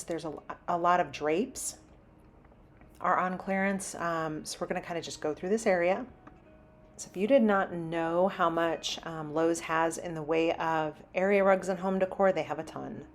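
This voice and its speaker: A woman hosting a shopping vlog who walks through a large store and chats casually, reading out prices as she browses. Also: fairly low pitch. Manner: chatty, lists prices while browsing. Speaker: shopping vlogger. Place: inside a large home improvement store.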